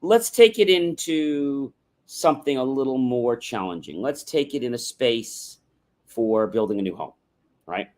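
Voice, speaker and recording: This is a man speaking at an ordinary mid-range pitch, delivering a motivational talk on a livestream. His manner is instructive, built on contrasts and examples. He checks in with the audience through rhetorical questions. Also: animated, unhurried, a little mellow. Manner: instructive, contrasts yes-no questions with open ones; rhetorical, often adds "right?". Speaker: livestream host. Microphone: livestream microphone.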